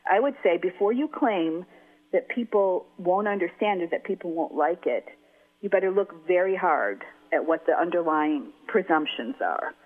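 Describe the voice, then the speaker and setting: A language expert arguing assertively in an interview. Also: medium pitch. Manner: assertive, argumentative. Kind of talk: opinionated interview talk. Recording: phone-like narrow band.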